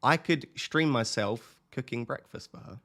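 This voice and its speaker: A man's voice: medium pitch, moderate pace, sharp tone. A man, casually chatting with his live stream audience, laughing and reading comments aloud.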